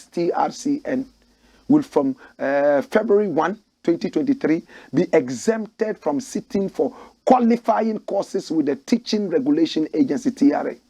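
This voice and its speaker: A Ghanaian man hosting an opinionated commentary show, talking in a forceful, preaching way with slogan-like lines. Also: fairly high pitch, breathy edge.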